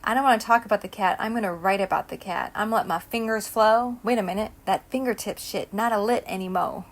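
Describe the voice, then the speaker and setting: A woman hosts her own podcast in a loose solo monologue. She drifts from one thought to the next and stays blunt and emphatic throughout. Her voice sits at a middling pitch. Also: quick pace. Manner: scattered, stream-of-consciousness, blunt and emphatic. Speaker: podcast host.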